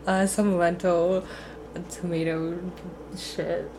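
A woman's voice: fairly low pitch, little pitch movement, slow pace, a little mellow, slight background noise. A young woman from Canada co-hosting a podcast in casual chat, laid-back, swearing and laughing along. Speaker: podcast co-host.

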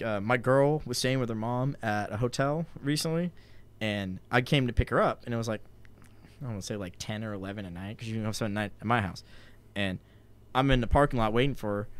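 A young man in his twenties, his voice lowish and fairly quick with a clean tone, rambles through a story to his friends. He leans heavily on "like" as filler and swears casually.

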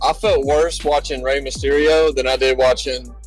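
A man's voice: mid-range voice, flat delivery, normal speed, soft background music. A young man co-hosting a podcast, chatting casually with blunt, slangy opinions. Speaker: podcast co-host. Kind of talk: casual chat.

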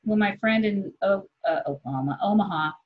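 A woman in her forties talks loosely and candidly, drifting from thought to thought and swearing without a second thought. Her voice is a little husky. The recording sounds dull and lo-fi. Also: medium pitch. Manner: rambling, candid, swears freely, quick laughs. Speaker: comedian guest. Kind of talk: casual podcast chat.

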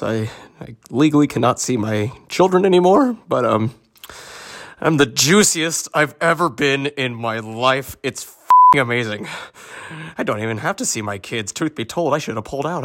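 Man playing an oblivious, boastful caller in a parody ad, halting delivery. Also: mid-range voice, a bit bright, close to an everyday voice. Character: dim, boastful male caller giving a testimonial. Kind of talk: parody ad testimonial.

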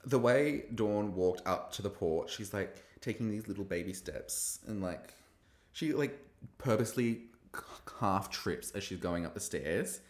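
A man hosting a podcast, recapping a TV episode in a gossipy, animated way and acting out quoted lines. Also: fairly low pitch, a little slow, roomy sound. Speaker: podcast host reviewing a TV episode. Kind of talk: casual recap chat.

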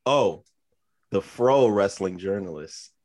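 A man with a fairly low voice hosts a podcast in an easygoing, rambling way. He strings thoughts together with "like" and drops casual swears as he goes. The delivery stays relaxed and conversational. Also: takes it slowly. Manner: loose and rambling, curses casually, trails off with "like". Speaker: podcast host.

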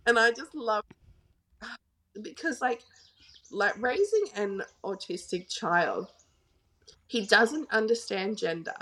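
Chatty Australian woman, higher voice. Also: expressive, slow pace, pauses often, a bit bright. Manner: chatty, storytelling, many "like" fillers. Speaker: guest photographer. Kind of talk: casual podcast chat.

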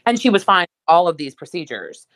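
A woman's voice: on the low side, sing-song, a little fast, a bit bright, dry recording. A woman talking in casual chat, rambling with lots of asides.

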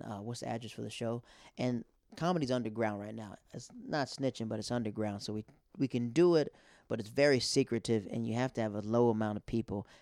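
Young man, stand-up comic, podcast host, casual rambling talk, mid pitch, dry room. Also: a little mellow, no room sound. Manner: rambling, conversational, filler-heavy. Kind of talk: casual monologue.

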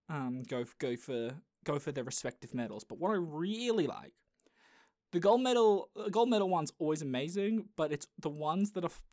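A man's voice: a little high, darkish tone, dry recording, studio quality. A man hosting a podcast in casual chat, rambling with lots of fillers. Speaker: podcast host.

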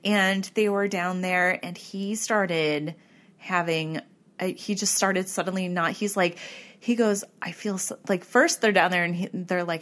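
Woman, casual chat, animated storyteller, acts out quotes. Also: mid-range voice. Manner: animated, acts out quoted people, frequent likes. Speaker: podcast co-host.

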